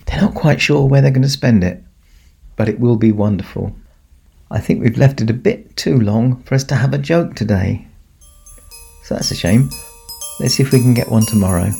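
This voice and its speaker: Man as santa, storybook telling for kids, gravelly, husky, chuckling. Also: mid-range voice, animated, normal speed, long pauses, mellow, soft background music. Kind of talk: storytelling to children.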